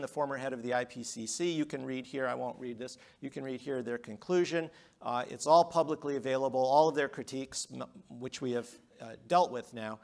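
A middle-aged man giving a public lecture, emphatic, with rhetorical questions and swings between loud and quiet. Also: fairly high pitch. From United States.

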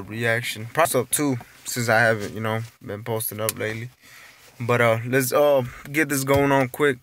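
A young man with a medium-pitched, fairly bright voice hosts a reaction vlog, recorded on a phone indoors with slight background noise. His casual chat rambles loosely and apologetically, packed with fillers.

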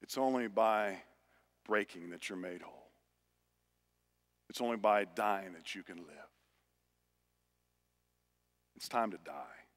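A male pastor preaching a sermon, building to loud, emphatic refrains. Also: on the low side, slow pace, long pauses. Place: church sanctuary. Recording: reverberant church hall.

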